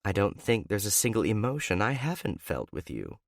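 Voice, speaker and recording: A man voicing a guarded, tender woman in love who speaks softly and hesitantly in an audiobook. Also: lowish voice, sing-song, normal speed, creaky, no room sound, studio quality, exaggerated voice. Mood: tender teasing. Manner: soft, hesitant speech.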